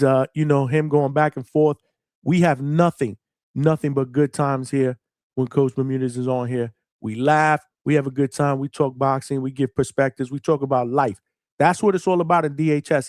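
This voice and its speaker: Male boxing livestream host, slightly raised pitch, dry sound, casual, slangy, shout-outs to chat. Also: no echo. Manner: laid-back, slangy, filler-heavy, shout-outs to viewers.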